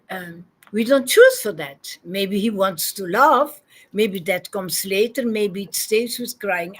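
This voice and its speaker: A woman giving an informal devotional talk as a spiritual teacher, reflective and often laughing. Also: medium pitch.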